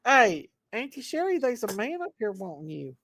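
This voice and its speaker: A woman's voice: on the high side, very animated, normal speed, fairly bright tone, no echo. A woman hosting a casual livestream, teasing her friends and thanking viewers. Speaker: livestream host. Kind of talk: casual group livestream chat.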